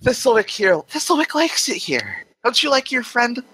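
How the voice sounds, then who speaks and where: A man's voice: extremely high pitch, wildly swooping pitch, normal speed, sharp tone, breathy edge, no echo, pitched above the performer's own voice, exaggerated voice, poor audio. A man doing Death, smug and drawling. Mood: wheedling. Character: Death, male, smug and weary.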